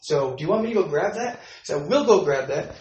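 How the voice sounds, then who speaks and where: A man's voice: a little high, lively intonation, a little fast, a little mellow. A young man casually recounting a story, animatedly acting out both sides of an argument with laughs. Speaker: vlogger. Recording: very echoey room, mic far off.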